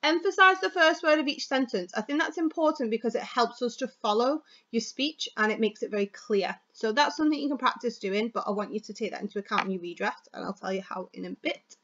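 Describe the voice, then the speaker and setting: A woman teacher giving a chatty, fast, expressive lesson on delivering speeches. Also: fairly high pitch, muffled recording. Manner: chatty, fast and expressive, stressing words for effect.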